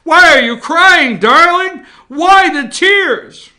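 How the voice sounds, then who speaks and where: A man putting on a fawning, slow voice as an indulgent rich husband comforting his wife. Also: very high voice, expressive, pushed and bright, pitched above the performer's own voice, full character voice. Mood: doting.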